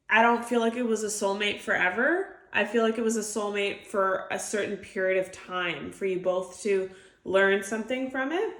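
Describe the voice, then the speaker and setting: A woman's voice: mid-range voice, fairly bright tone. Woman doing a tarot reading, talks in a heartfelt rambly way, voice bounces round the room. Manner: chatty, heartfelt, many filler likes. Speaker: tarot reader. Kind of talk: intuitive tarot reading to camera. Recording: echoey room.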